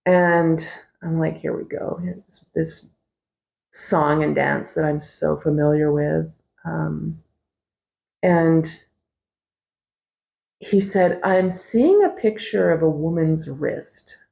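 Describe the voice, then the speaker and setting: A woman's voice: low-pitched, fairly even intonation, slow, vocal fry, darkish tone. A middle-aged woman hosting a podcast, telling a personal story in a candid, wry way, swearing freely and laughing often. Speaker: podcast host.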